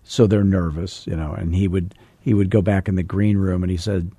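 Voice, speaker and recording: A man's voice: deep voice, fairly even intonation, normal speed, warm tone, husky, no echo. A middle-aged man hosting a podcast, coaching in a casual, joking, folksy way. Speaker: podcast host and real estate coach.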